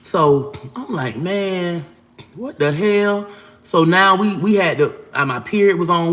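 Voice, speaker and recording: Woman, 40s, casual storyteller: emphatic and direct with viewers, recorded in a echoey room. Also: low voice. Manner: emphatic, swears oaths to God, addresses viewers as y'all. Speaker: storyteller vlogger.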